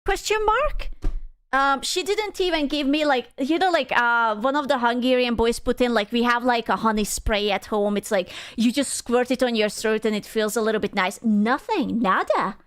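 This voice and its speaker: A young woman streamer telling a story casually to her chat, animated, laughing often and swearing freely. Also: a little high, moderate pace, hardly any pauses, smooth, no room sound, clean studio sound. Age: young adult.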